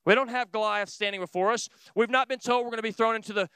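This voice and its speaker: A man preaches with earnest emphasis, firing rhetorical questions at his listeners. His voice sits high for a man and rings bright and smooth. The sound is dry and close. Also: fairly even intonation, fast talker, no room sound. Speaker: pastor. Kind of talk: sermon to a small group.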